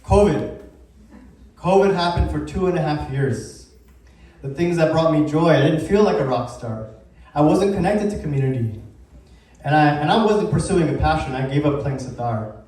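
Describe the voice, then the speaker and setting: A man's voice: a little high, expressive, moderate pace, darkish tone. A man in his thirties, the founder of a community group, giving an upbeat anniversary talk to a live audience and asking the crowd questions. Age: 30s. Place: event space with live audience. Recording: very echoey room, heard from a distance.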